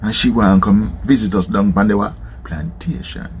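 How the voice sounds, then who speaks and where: A man from Jamaica with a Jamaican accent, telling a travel story in a casual, animated way, dropping rhetorical tags in patois. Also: fairly low pitch, moderate pace, creaky, a little hiss or hum.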